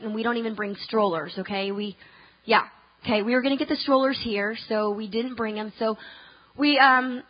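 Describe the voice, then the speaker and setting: A woman's voice: on the high side, lo-fi sound. A young woman preaching at a church conference, telling a personal story in a chatty way, with lots of ums and restarts and laughing asides. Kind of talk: storytelling sermon.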